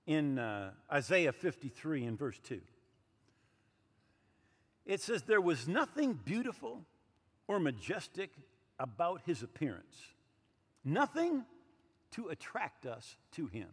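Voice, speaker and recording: A man's voice: fairly high pitch, wildly swooping pitch, takes it slowly, long pauses, breathy edge, big-room sound. A man in his sixties preaching a sermon emphatically, with light humorous asides. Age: 60s. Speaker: pastor.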